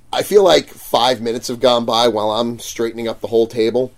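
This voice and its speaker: A man's voice: mid-range voice, a little fast. A man casually telling a story about a rude customer at his convention booth, acting out the quotes, swearing and laughing often.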